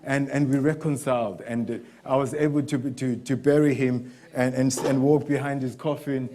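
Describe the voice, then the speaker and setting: A middle-aged man from Zimbabwe preaching a sermon as a personal testimony, candid and halting, often restarting and acting out the voices of others. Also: medium pitch, fairly even intonation, dark tone.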